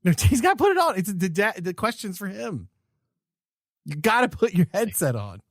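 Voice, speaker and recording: A man hosting a casual podcast chat, talking in an animated, rambling way and often correcting himself mid-sentence. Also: sits high, normal speed, no echo, studio quality. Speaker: podcast host. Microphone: remote call mic.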